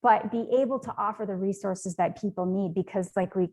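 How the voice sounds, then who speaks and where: A woman's voice: medium pitch, steady tone, brisk, a little mellow. A woman speaking as an interview guest, earnest and rambling, with frequent ums and likes. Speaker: nonprofit founder, interview guest. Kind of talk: conversational interview.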